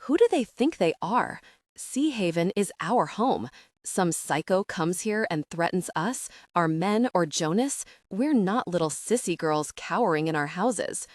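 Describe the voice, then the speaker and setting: A woman narrator voices a young woman caught between rage and fear, hissing her words through clenched teeth. The voice sits a little low and sounds close and dry, with no room around it. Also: animated, unhurried, a little mellow, no echo. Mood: furious, afraid. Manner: hissing, agitated. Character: angry frightened young woman.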